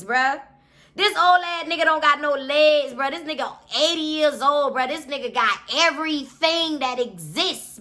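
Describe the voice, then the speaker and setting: A woman playing a wild young street guy, disbelieving, bright high voice. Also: heavily acted. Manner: incredulous, repeats "bro". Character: young man, wild street tough, rattled.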